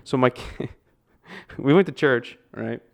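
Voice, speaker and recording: A young man co-hosting a podcast, chatting in a loose, rambling way. He swears freely and laughs often as he tells his stories. His voice sits in an ordinary middle pitch. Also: a little slow, vocal fry. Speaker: podcast co-host. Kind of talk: casual chat.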